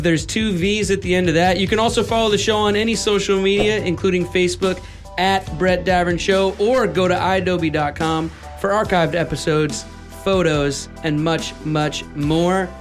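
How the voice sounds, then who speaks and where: A man's voice: high-pitched, steady tone, normal speed, soft background music. A man hosting a casual studio podcast, joking through the sign-off. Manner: playful, joking sign-off patter. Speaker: host. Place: radio studio.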